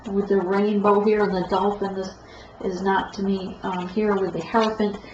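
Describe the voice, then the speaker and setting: A stuffed-up woman reads tarot cards in a flat, even voice, wandering and correcting herself as she goes. She sounds a little dull and lo-fi in an echoey room, with a faint hiss underneath. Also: medium pitch. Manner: meandering, halting, self-correcting. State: stuffed-up nose. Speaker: tarot reader. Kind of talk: tarot reading monologue.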